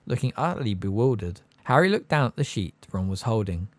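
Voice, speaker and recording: A man narrating an audiobook in an expressive storybook style. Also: fairly low pitch, brisk, hardly any pauses, no room sound. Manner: expressive, varied delivery. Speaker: audiobook reader.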